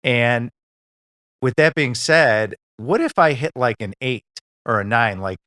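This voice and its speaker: A man hosting an interview show, asking relaxed, rambling questions full of fillers. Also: mid-range voice, unhurried. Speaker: podcast host. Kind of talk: casual interview chat.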